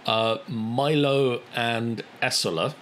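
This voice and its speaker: A man narrating as dungeon master in an unhurried way, with hesitant fillers. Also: medium pitch, a bit bright, a little hiss or hum, poor audio. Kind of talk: narrating a tabletop game.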